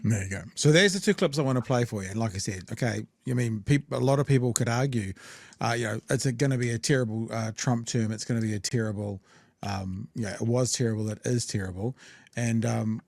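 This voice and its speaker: Casting: New Zealand male podcast host, blunt and rambling, mid-pitched, dry close sound. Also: brisk, gravelly, a little mellow, no echo. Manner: blunt, rambling, many fillers. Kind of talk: casual political chat.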